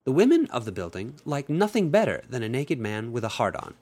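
A man's voice: mid-range voice, very animated, brisk, a little mellow. Man putting on a teasing, flirty woman. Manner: teasing, breezy, coaxing. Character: flirty confident woman guide. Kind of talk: erotic audiobook role reading.

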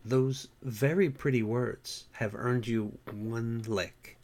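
A bossy, teasing woman, as a male narrator puts her on, speaking in a husky, breathy voice at an ordinary pitch. She draws her commands out slowly and sounds completely in charge. It is an audiobook reading. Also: steady tone, darkish tone.

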